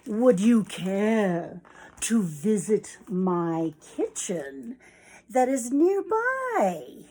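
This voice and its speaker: A woman voicing a sly, scheming male fox in a storybook, speaking slowly and in a hush. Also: mid-range voice, very animated, exaggerated voice. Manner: slow, hushed and sly.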